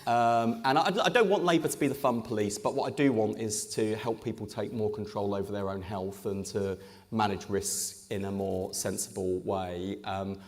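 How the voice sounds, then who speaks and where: A man's voice: lowish voice, fairly even intonation, normal speed. English guy politician cracking jokes on stage, big echoey hall. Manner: joking, punchy political delivery. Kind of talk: live conference conversation on stage. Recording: echoey hall with long reverb.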